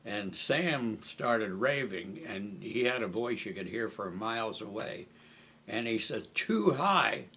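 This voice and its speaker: An older man from Omaha telling stories from memory in an oral history interview, unhurried and pausing often with "uh". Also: lowish voice, fairly bright tone, slight background noise. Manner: unhurried, with frequent hesitations. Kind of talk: reminiscing storytelling.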